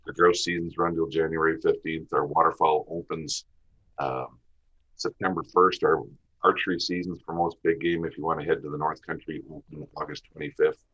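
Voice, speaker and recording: A man's voice: rumbling low, flat delivery, moderate pace, pushed and bright, husky, muffled recording. A Canadian man from the west of the country, a podcast guest talking easily about hunting seasons and terrain. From Western Canada. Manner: easygoing, lists places and seasons. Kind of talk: casual podcast interview.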